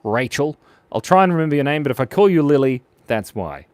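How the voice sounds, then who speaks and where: A goofy man hosting a live stream, his voice leaping around with lively, bouncing intonation. He chatters playfully to viewers while he draws. The sound is close and dry, with no room echo. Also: on the high side, fairly quick. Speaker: live-stream drawing host. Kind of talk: casual live-stream chat while drawing.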